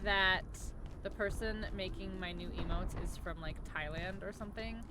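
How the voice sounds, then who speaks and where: A woman's voice: mid-range voice, normal speed. A woman streaming a survival game, chatting casually and jokingly with a friend. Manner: joking, giggly and blunt. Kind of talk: casual gaming chat. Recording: loud game noise behind.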